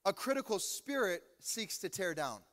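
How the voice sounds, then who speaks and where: Animated young-adult pastor, bright high voice. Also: male voice, moderate pace. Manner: animated, joking, swings from loud preaching to low asides. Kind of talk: energetic sermon. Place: large church hall. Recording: reverberant hall with music.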